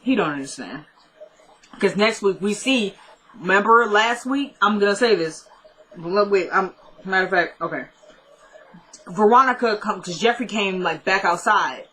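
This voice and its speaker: A woman's voice: medium pitch, sharp tone, low-quality recording. A woman casually recapping a TV episode in a chatty, opinionated way, talking back to the characters as she goes. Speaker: TV recap vlogger.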